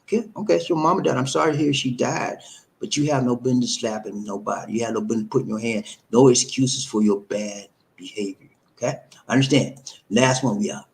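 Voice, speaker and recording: A man's voice: mid-range voice, brisk, gravelly, poor audio. A man hosting a live stream, giving relationship advice in an emphatic, repetitive, preacher-like cadence. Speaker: host.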